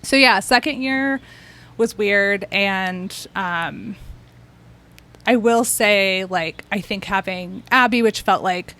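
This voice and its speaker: A woman's voice: mid-range voice, takes it slowly, pushed and bright. A woman who works as a therapist, a podcast guest telling her story in a casual, chatty way with lots of fillers and restarts.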